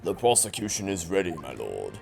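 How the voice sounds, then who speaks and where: A man voicing a haughty, pompous male prosecutor in a video game, speaking lower and quieter. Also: sing-song, gravelly, soft background music, full character voice. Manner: slow and haughty.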